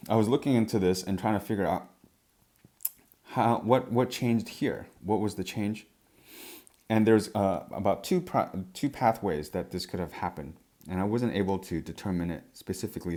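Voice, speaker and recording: A man with a very low, deep voice walks through a language lesson at his own unhurried rhythm. He hesitates often, with fillers and an occasional cleared throat, as he explains each point. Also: mellow. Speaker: language teacher.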